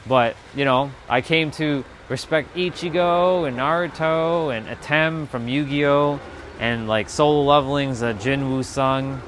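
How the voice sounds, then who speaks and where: Profane, animated man chatting on livestream. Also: medium pitch, measured pace, a little hiss or hum. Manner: profane, animated storytelling with mocking quoted asides. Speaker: livestream host. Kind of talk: casual livestream chat.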